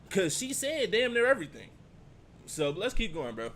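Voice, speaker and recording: A man's voice: sits high, sing-song, moderate pace, fairly bright tone, husky. A man giving casual reaction commentary on a clip, talking back at it and repeating his points. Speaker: reaction streamer.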